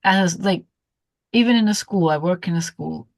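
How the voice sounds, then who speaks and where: School worker, woman, low voice, slow deliberate, dry close sound. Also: gravelly, no room sound. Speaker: school staff. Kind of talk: casual chat.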